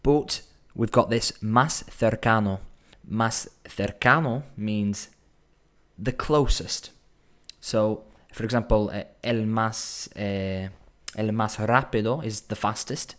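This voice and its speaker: A man teaching Spanish in a relaxed, explanatory way, slowing down to sound out phrases and thinking aloud as he goes. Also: fairly low pitch. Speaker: Spanish tutor. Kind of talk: explanatory language lesson.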